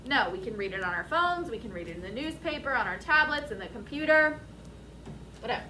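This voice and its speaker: Woman teacher, high voice, unhurried vocabulary lesson, echoey classroom. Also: lively intonation, pushed and bright, a little hiss or hum. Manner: slow, deliberate, spells words out letter by letter. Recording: echoey classroom, mic at a distance.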